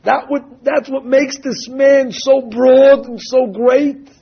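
A man's voice: very high-pitched, fairly even intonation, slow pace, husky. A man giving a sermon as a religious teacher, telling stories and quoting texts emphatically, drawing out key phrases. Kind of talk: sermon with storytelling. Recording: dull lo-fi recording.

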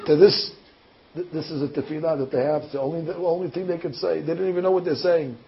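Guy preaching a story, kinda high voice, stumbles then gets really emphatic, muffled old recording. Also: quick pace, gravelly, slight background noise. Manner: animated storyteller who repeats and restarts, with soaring emphasis. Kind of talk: sermon storytelling. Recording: dull lo-fi recording.

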